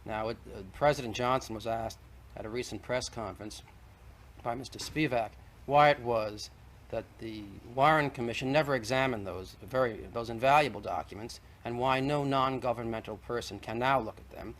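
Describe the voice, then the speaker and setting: A man's voice: medium pitch, normal speed, fairly bright tone. A man debating on an archival 1960s TV broadcast, pressing his case point by point with persistence. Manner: persistent, argumentative, lays out evidence point by point. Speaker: debate guest. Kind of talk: televised debate.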